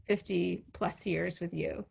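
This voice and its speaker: A woman in her fifties gives a birthday toast over a video call, her voice choked up with emotion. She talks haltingly, with many ums and restarts. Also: fairly low pitch, fairly even intonation, creaky, darkish tone, breathy edge. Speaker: friend giving a birthday toast.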